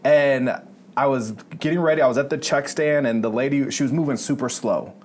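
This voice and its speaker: A man's voice: mid-range voice, brisk. Male pastor chatting, tells stories with lots of life, medium voice, faint hiss behind. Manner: animated storyteller, acts out his own inner dialogue. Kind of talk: casual chat.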